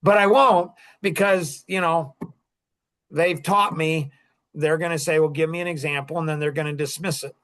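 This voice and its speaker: A man's voice: on the high side, steady tone, normal speed, a bit bright. A man in his sixties talking in a rambling, emphatic monologue, repeating phrases as he goes. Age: 60s. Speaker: podcast host. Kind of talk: casual monologue.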